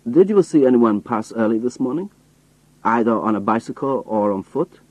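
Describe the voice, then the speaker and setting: A man voicing a suspicious male agent who asks slow, probing questions. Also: mid-range voice, animated, a little mellow, no echo, close to an everyday voice, low-quality recording.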